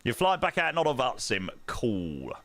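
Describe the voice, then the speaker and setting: Chatty flight-sim streamer, lively pitch. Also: male voice, a little slow, no room sound. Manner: chatty, reads chat aloud, slangy banter. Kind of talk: casual live-stream chat.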